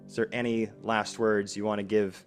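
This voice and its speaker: A man hosting as game master, with measured narration of the game and lively thanks to his players. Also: on the low side, faint music behind. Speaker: game master and show host. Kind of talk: narrating a tabletop game, then thanking guests.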